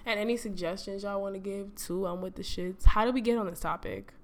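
A young woman co-hosting a podcast, talking in slangy, animated casual banter. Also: medium pitch. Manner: slangy, animated, quick laughs. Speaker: podcast co-host.

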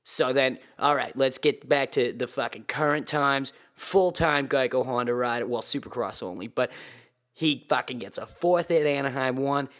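Brash Boston race-report bro, loud and profane, put on by a male podcast host. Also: mid-range voice, natural voice. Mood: hyped, brash. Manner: profane, hyped, drawn-out delivery.

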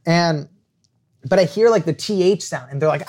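A young man, a podcast guest and author, telling an animated anecdote and acting out quoted lines. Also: fairly high pitch, fairly quick. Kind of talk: storytelling anecdote.

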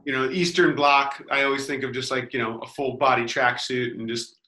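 Bright-voiced deadpan man, echoey room. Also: medium pitch, a little fast. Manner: deadpan crude jokes. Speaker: podcast panelist. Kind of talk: casual comedic banter.

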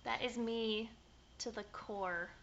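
A woman's voice: on the high side, steady tone, slow, a bit bright, slight background noise. Playful young woman podcast co-host. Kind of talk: casual chat. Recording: dull, lo-fi podcast audio.

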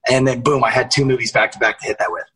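A man's voice: mid-range voice, fairly even intonation, racing, background noise. A young man guesting on a podcast, chatting casually and energetically, swearing and using lots of fillers. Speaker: actor guest.

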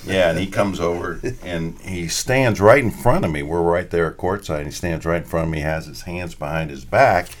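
Animated storytelling man, low voice. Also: normal speed, hardly any pauses. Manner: animated, acts out quotes with sudden loud outbursts. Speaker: former radio announcer. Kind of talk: storytelling in casual chat.

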